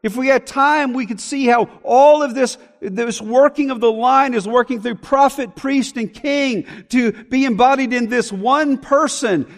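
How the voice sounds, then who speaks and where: A man preaching a sermon, switching between emphatic declarations and quiet asides. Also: extremely high pitch, a little slow, big-room sound. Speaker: pastor.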